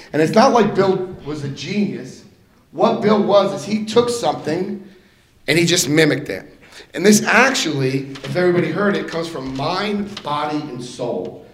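A middle-aged man telling his recovery story to a room, animated, swinging between loud and soft and acting out voices. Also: a little high, a little hiss or hum. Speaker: recovery speaker.

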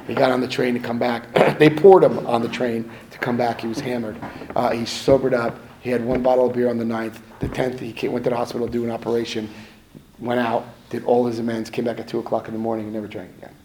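A man's voice: medium pitch, flat delivery, fast talker, warm tone, a little hiss or hum, poor audio. A middle-aged man telling stories in a casual, self-mocking way, acting out what people said. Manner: conversational, self-mocking, acts out quotes. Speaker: speaker sharing his story. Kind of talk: casual storytelling talk.

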